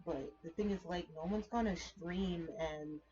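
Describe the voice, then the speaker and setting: A woman's voice: lowish voice, unhurried, a crowd in the background. A woman hosting a casual chat stream, chatty and freely swearing. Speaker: streamer host. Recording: dull lo-fi stream audio with faint music.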